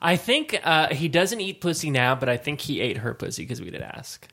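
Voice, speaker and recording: A man in his late thirties telling a casual story as podcast co-host, rambling and halting with many restarts. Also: a little high, sing-song, bright, forceful tone. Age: late 30s.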